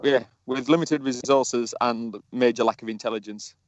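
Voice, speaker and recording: A man's voice: medium pitch, steady tone, normal speed, no room sound. Man telling cheeky stories by phone. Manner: rambling, cheeky storyteller. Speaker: podcast co-host. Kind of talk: casual chat. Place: outdoors in a field, sitting on a tree stump. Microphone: mobile phone. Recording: dull lo-fi phone audio.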